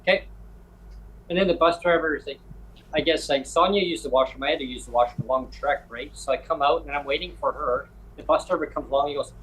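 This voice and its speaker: A man's voice: fairly high pitch, quick pace, a bit bright, a little hiss or hum, low-quality recording. A man rambling through a travel story in casual chat, acting out the people he met. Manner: rambling storyteller, acts out dialogue.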